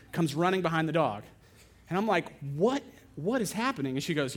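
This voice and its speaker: A young adult man, a pastor, preaching a sermon and telling a story with lively, animated delivery. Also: sits high, normal speed. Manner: animated storytelling, acting out other voices.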